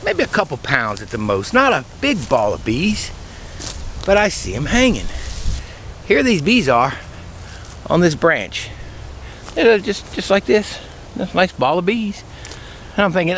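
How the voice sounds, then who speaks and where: Chatty beekeeper man, higher voice. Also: very animated, a little slow, pauses often, fairly bright tone, slight background noise. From Louisiana, USA. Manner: chatty, folksy, rambling with restarts. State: voice a bit squeaky from dry air. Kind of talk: casual vlog storytelling. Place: outdoor bee yard.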